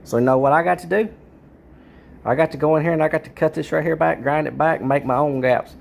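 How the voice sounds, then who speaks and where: Man, car restorer, frustrated ranting vlog delivery, gravelly voice, garage workshop. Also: a little high, fast.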